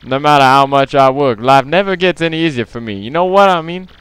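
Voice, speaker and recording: A man's voice: fairly high pitch, fairly quick, a bit bright, clean tone, dry recording, voice pushed up, close to an everyday voice. A man putting on a brash sailor with a mock British accent. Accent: mock British, drifting toward Australian. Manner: tacks "mate" onto his lines. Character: gruff dockside sailor man, pushy and brash. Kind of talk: let's play voice reading.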